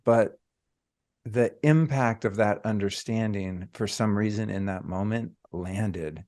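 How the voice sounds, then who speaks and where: A man with a fairly low voice hosts a podcast and tells a personal story at an easy, unhurried pace. He stretches out his phrases, pauses to reflect, and keeps things casual and conversational. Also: a little mellow. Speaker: podcast host.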